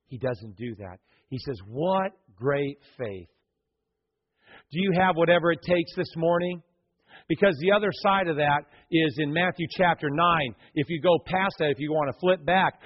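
Animated high-voiced preacher with husky tone. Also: male voice, muffled recording. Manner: animated storytelling, acts out scenes, jokes with the congregation. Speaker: pastor. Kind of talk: sermon. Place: church sanctuary.

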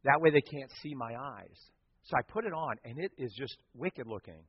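A man preaching a sermon as the pastor, telling a story with lively, animated delivery and acting out other people's lines. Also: mid-range voice, normal speed, husky. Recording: dull sound with long hall reverb.

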